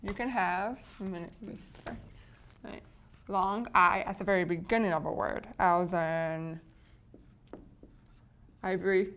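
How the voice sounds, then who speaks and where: Woman teacher, lower voice, steady lecture that keeps checking in with the class. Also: muffled recording, slight background noise. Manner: checks in with frequent "right?"; slow, deliberate explanation of spelling patterns. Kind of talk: phonics lecture.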